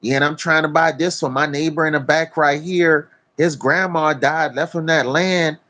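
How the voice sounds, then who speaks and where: A man's voice: a little high, fairly even intonation, normal speed, sharp tone. A man imitating a folksy rural landowner. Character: plain-talking rural male landowner, easygoing.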